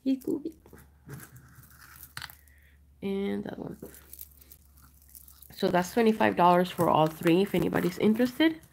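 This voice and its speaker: A woman's voice: mid-range voice, normal speed, creaky, pauses often, a little mellow, a little hiss or hum. A woman chatting casually while she shows and prices jewelry on a live sale stream. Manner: chatty, rambling, showing items up close. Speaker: online jewelry seller.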